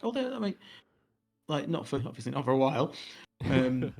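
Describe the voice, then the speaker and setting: A man's voice: mid-range voice, sing-song, moderate pace, creaky, darkish tone. A man co-hosting a casual podcast, teasing his friend and chipping in with short quips. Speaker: podcast co-host. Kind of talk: casual chat. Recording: faint background music.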